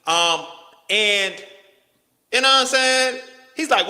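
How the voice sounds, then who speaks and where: Man, casual storytelling, high bright voice, animated and slangy, long hall reverb. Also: normal speed, long pauses. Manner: animated, slangy, swings pitch widely, acts out quotes.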